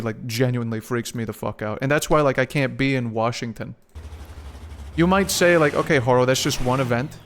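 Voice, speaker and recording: A man's voice: medium pitch, a little hiss or hum. A young man chatting casually on a live stream, rambling, swearing and laughing often.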